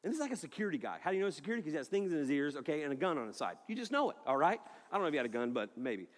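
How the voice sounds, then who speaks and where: A man preaching a sermon to a live audience, telling a funny story in an animated way, laughing and shouting as he acts out the scene. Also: a little high, rapid-fire. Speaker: youth pastor. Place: large hall. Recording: echoey hall with long reverb.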